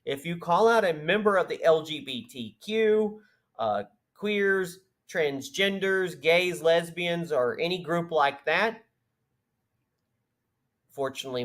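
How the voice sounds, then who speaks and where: Sarcastic male podcast host. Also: fairly high pitch. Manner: reads news aloud with sarcastic asides. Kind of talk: political commentary.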